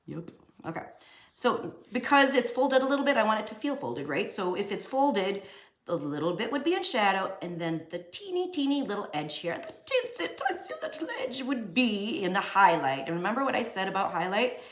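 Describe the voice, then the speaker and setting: A mid-range, very animated and slightly fast voice belongs to a young woman art teacher. She gives a laid-back drawing lesson in an echoey room, joking with herself and chatting while she shades.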